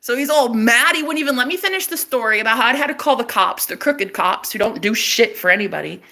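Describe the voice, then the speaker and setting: A woman's voice: fairly high pitch, lively intonation, quick pace, sharp tone. A young woman vlogging to camera, telling a story in a sassy, profane, dramatic way. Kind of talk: casual chat to camera.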